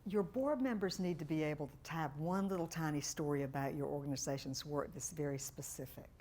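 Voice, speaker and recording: A middle-aged woman, a fundraising consultant giving a workshop talk and telling animated stories with quoted voices. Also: deep voice, fairly quick.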